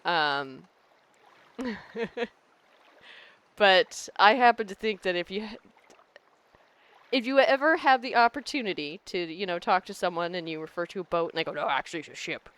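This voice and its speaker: A woman's voice: mid-range voice, expressive, moderate pace, pauses often, fairly bright tone, smooth. A woman game streamer talking in casual live-stream chat, rambling and laughing often.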